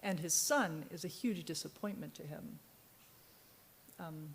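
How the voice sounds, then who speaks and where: A woman's voice: sits low, a little slow, slight background noise. A woman novelist from Virginia on a book fair panel, telling a long, digressive anecdote and trailing off mid-sentence. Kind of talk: panel discussion, rambling anecdote.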